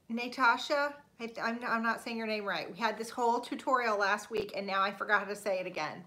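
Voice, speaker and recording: Hosting a live stream, a woman from Florida, USA, chats casually, greets viewers by name, and laughs often. Her medium-pitched voice moves at normal speed with a bright, forceful tone, and she's apologetic and self-deprecating whenever she mispronounces a name.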